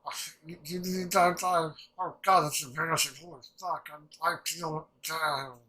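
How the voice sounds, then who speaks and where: A young man rambling excitedly through a casual reaction commentary, swearing freely and restarting his sentences. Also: fairly high pitch, moderate pace, low-quality recording. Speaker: anime reaction channel host.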